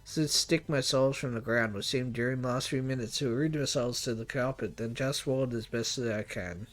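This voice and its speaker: A man hosting a let's play, reading a visual novel's narration aloud in a quiet, low, unhurried way.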